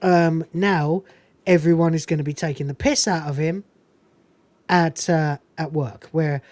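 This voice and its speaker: A woman's voice: low-pitched, steady tone, measured pace, darkish tone, no room sound. A woman hosting a podcast, chatting casually and enthusiastically about a film, swearing freely and laughing often. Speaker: podcast host reviewing a film. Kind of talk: casual chat.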